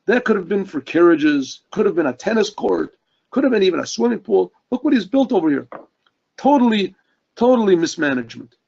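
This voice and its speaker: A man voicing a calm, wise old male rabbi who speaks with quiet assurance. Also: high voice, brisk, gravelly, husky, full character voice. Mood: critical. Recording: dull lo-fi recording.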